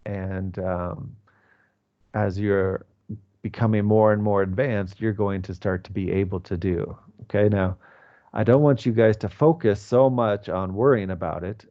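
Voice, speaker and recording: A man's voice: fairly low pitch, fairly even intonation, unhurried, lo-fi sound. A man in his forties teaching an online English class, patient and explanatory with many fillers. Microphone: video call.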